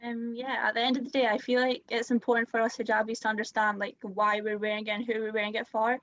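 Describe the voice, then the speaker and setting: A woman's voice: fairly high pitch, flat delivery, quick pace, fairly bright tone. A young adult woman speaking earnestly as a panel guest on a video call, using "like" often. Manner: earnest, heavy on "like". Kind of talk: casual chat on video call. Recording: dull lo-fi video call audio.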